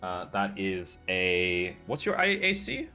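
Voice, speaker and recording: A man's voice: low-pitched, big pitch swings, slow, bright, forceful tone, soft background music. A man narrating a tabletop game as game master, in a casual way with hesitant fillers.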